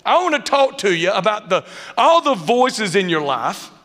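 A high-pitched man with a drawl preaches from the pulpit, telling funny stories with loose country grammar and lively acted-out quotes. His voice rings through a big church hall with a long echo behind it. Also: normal speed. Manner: animated storyteller, dialect grammar, acts out quotes. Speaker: pastor. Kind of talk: sermon with humorous personal stories. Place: church sanctuary. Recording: reverberant hall sound.

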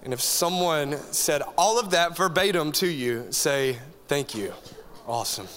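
A high-voiced man preaches with lots of energy, cracking jokes and calling out to the crowd. His tone is bright and sharp, and a long reverb from the big church hall trails after each phrase. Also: unhurried, slight background noise. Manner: animated, joking, talks straight to the crowd. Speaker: youth pastor. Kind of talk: energetic sermon to a congregation.

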